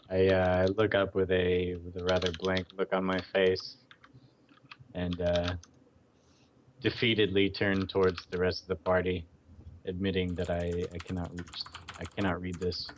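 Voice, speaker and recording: Low monotone guy calmly saying what his character does, faint noise behind. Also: a little slow, pauses often. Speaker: player. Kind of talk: tabletop role-play. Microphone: online voice chat mic.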